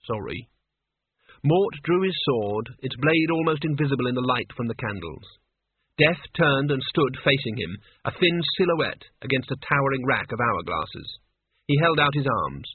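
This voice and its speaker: A man narrating a novel as an audiobook in an even, measured way. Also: medium pitch, slightly rough, no room sound. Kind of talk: scripted narration. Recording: tinny phone-like sound.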